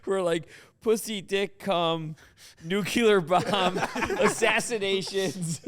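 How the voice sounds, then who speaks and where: A man's voice: high-pitched, takes it slowly, fairly bright tone. A man hosting a comedy podcast, joking crudely and laughing a lot in casual chat. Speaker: podcast host.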